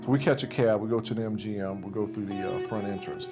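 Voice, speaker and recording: A man with a fairly low voice tells a story in a loose, conversational way. He slips into the present tense and acts out what others said. A clear music bed plays under his words. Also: fast talker. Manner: recounts events in present tense, voicing others' lines. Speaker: interviewee recounting events. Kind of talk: casual storytelling.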